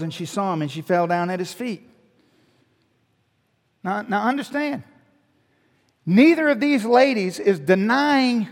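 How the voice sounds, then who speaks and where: High-voiced preacher in a reverberant hall. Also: male voice. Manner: conversational teaching, rhetorical questions, frequent restarts. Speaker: pastor. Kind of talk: sermon. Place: church sanctuary.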